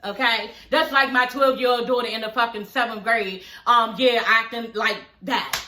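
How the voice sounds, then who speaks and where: A high, bright-voiced woman in her forties delivers blunt, profane commentary straight to her viewers, animated and laughing as she goes. Her voice rings around a roomy, echoey space. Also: moderate pace, slight background noise. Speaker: reality TV reviewer. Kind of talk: casual commentary vlog. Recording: roomy echo.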